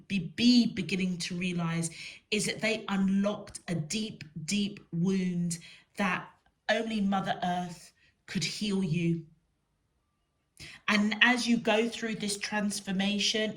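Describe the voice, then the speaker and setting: A woman gives a tarot reading straight to her viewers. She talks at an unhurried, drawn-out pace at an ordinary pitch, leaning on words and repeating them for emphasis. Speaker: tarot reader. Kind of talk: spiritual tarot reading to camera.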